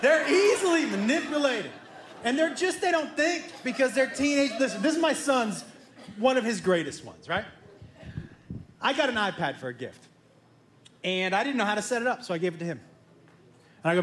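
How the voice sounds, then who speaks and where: A middle-aged man doing stand-up storytelling, animated and acting out his family members' voices. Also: high voice, fairly quick. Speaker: stand-up comedian. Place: comedy stage before a live audience.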